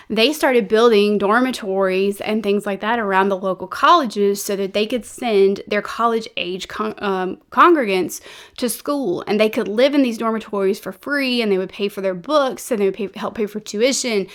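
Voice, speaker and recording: A woman's voice: mid-range voice, normal speed. A woman, hosting a true crime channel and telling the story in a chatty, rambling way full of fillers and restarts. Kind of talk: casual storytelling monologue.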